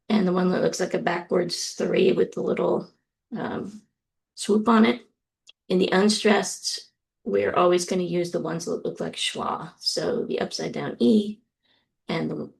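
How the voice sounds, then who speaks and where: A woman giving a recorded university lecture, explaining slowly and deliberately with frequent ums. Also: lowish voice, creaky.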